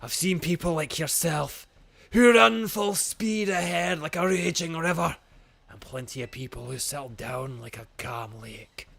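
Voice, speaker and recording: A man voicing a boisterous old male gym leader and chef with a Scottish accent, reading game dialogue aloud in a hearty, drawn-out, folksy way. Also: on the high side, creaky, fairly bright tone, heavily acted. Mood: proud.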